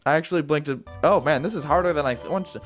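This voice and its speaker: A man's voice: fairly high pitch, rapid-fire. A man giving casual, jokey commentary while playing a game at home in his apartment, with sudden playful jumps in his voice. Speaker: gaming video host. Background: neighbor's music.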